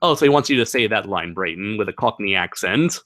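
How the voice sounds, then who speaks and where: A man's voice: fairly low pitch, animated, brisk, a bit bright. A young man hosting a casual livestream Q&A, rambling and laughing, with many fillers. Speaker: channel host.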